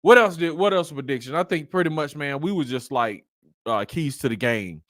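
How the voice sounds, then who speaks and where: A man hosting a casual sports talk show, animated, often tacking "man" onto his sentences. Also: fairly high pitch, no room sound, clean studio sound. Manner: animated, repeats "man" often, drawn-out emphasis.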